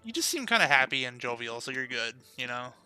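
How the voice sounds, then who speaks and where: A man's voice: mid-range voice, big pitch swings, brisk, sharp tone, clear, resonant tone, no room sound, faint music behind. A young man streaming a game, chatting casually with viewers and laughing often. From United States. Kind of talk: casual live-stream chat while playing.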